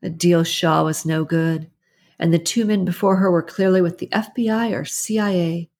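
Husky, low-voiced woman narrating a story. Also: fairly even intonation, moderate pace, darkish tone. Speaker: audiobook narrator. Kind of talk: scripted narration.

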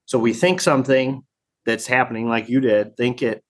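A man talking in a relaxed interview as a training program director, thoughtful and full of fillers and restarts. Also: medium pitch, normal speed. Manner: reflective, many fillers and restarts. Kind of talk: casual conversation.

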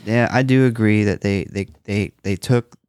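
A man's voice: on the low side, moderate pace, a little mellow, clear, resonant tone, no echo, studio quality. A man co-hosting a casual horror movie podcast, recapping the plot with lots of swearing and laughter. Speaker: podcast co-host.

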